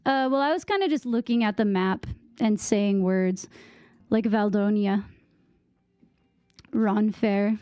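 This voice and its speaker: A woman's voice: mid-range voice, slow, pauses often, warm tone, smooth, no room sound. A young American woman chatting casually with viewers on a game stream, giggling and trying out bits of French. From United States.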